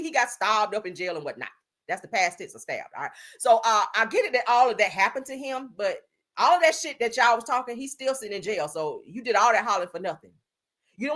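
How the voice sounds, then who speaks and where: A woman's voice: a little high, a bit bright. A woman hosting a live stream, giving blunt, sassy gossip commentary and calling her viewers "honey" and "girl.".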